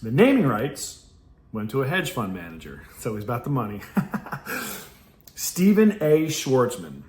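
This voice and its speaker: A man from New York hosts a reflective podcast in a blunt, salty way, laughing often and reading passages aloud between his own remarks. His pitch swings widely as he talks. The room around him rings with echo. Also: wildly swooping pitch, unhurried, darkish tone. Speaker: podcast host. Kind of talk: reflective casual monologue with read passages. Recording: roomy echo.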